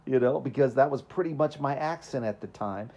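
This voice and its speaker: A man with a Southern accent preaches in a relaxed, conversational sermon. He mixes stories from his own childhood with moral lessons and keeps throwing rhetorical questions at his listeners. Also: mid-range voice, fairly quick, dull audio. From Texas. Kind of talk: informal sermon with personal stories.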